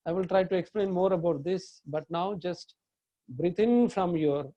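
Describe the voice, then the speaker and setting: Calm high-voiced male meditation guide. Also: no echo, lo-fi sound. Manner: slow calm instructions, chants mantras in long tones. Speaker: yoga and meditation teacher.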